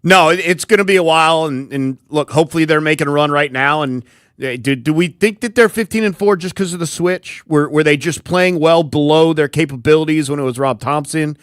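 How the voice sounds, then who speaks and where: A man co-hosting sports talk radio, with a slightly high voice and a thoughtful, measured delivery. He often doubles up words as he works through a point, close and dry on a studio mic. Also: a bit bright, dry recording. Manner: thoughtful, repeats words while thinking aloud.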